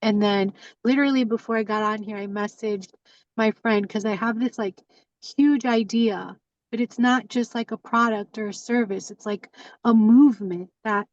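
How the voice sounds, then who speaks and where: A woman's voice: medium pitch, moderate pace, no room sound, distant mic. A woman sharing her story in a rambling, heartfelt way, with many fillers. Her voice comes through a video call from a bit off the mic and sounds dull, muffled and dry. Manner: rambling, many fillers, animated self-talk. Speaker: community member sharing.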